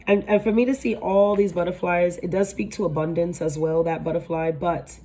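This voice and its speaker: Woman tarot reader, low mellow voice, chatty and rambling, swears freely. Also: fairly even intonation, moderate pace. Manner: rambling, emphatic, swears casually, many fillers. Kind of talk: casual tarot reading to camera.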